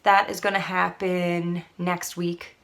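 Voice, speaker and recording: A woman's voice: on the low side, level tone, slow, fairly bright tone. A young woman from Canada, chatting to camera in a rambling, casual way full of fillers. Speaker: vlogger.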